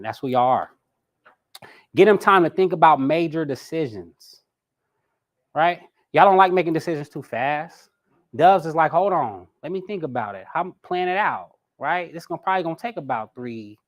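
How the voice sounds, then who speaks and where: A man teaching a live personality class in a lively way, talking straight to his audience. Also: medium pitch. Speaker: personality coach.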